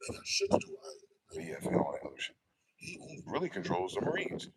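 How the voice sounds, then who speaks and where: A man with a low-pitched voice delivers a heated, profane monologue. He fires off questions and answers them himself in a confrontational way. Faint noise and clicks sit under the recording. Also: huge pitch swings, fast talker. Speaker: online video host. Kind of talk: ranting monologue.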